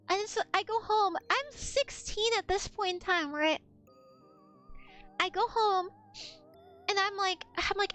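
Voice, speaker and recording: Very high-voiced young woman streamer. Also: a little slow, long pauses, faint music behind. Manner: crude, animated, acts out quoted friends with rising outbursts. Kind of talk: casual stream chat, storytelling.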